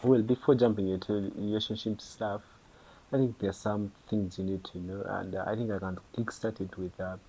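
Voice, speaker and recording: A man's voice: fairly low pitch, steady tone, a little fast, warm tone, slight background noise, poor audio. A young man with a Ugandan English accent hosting a podcast, chatting casually and filling his talk with "you know" while acting out little conversations. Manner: chatty, many fillers, acts out dialogue. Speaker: podcast host. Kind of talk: casual monologue to camera.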